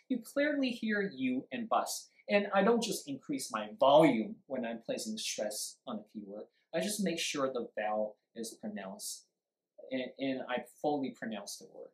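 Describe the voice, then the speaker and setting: A teacher in a live-streamed English speaking lesson, explaining pronunciation emphatically and acting out example sentences to show stress and rising or falling pitch, with short switches into Mandarin. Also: big pitch swings, normal speed. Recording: roomy echo.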